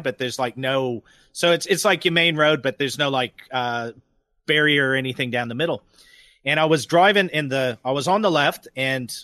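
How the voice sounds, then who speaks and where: A man on a casual podcast telling a profane, animated story about his past, with lots of restarts and swearing, in a studio. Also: on the high side, dry recording. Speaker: podcast guest. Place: radio studio. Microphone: studio microphone.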